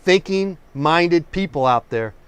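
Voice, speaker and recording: A man's voice: on the high side, animated, slow, a bit bright, clear, resonant tone, dry recording. A man from Oakland hosting a live painting stream, a few drinks in, rambling and stumbling over his words. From Oakland, California. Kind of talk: casual live-stream chat.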